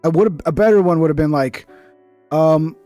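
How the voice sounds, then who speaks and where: A man's voice: a little high, quick pace, warm tone, no echo, soft background music. A man hosting a live reaction stream, commentating on clips with crude, mocking banter. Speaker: livestream host reacting to clips.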